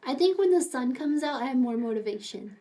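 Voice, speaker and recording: A woman's voice: expressive, fairly quick, dark tone. A young woman streaming from home, chatting casually with her viewers and talking to her pets now and then. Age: young adult. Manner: chatty, talks to her pets in a high baby voice. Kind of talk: casual livestream chat.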